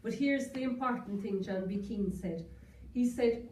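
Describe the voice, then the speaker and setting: A woman's voice: a little high, measured pace, a little mellow, recorded from a distance. A woman with a Kerry Irish accent giving a chatty, anecdotal public talk, quoting old sayings to a room. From Ireland. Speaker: guest lecturer. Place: lecture room, indoors. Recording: echoey room from afar, faint hiss.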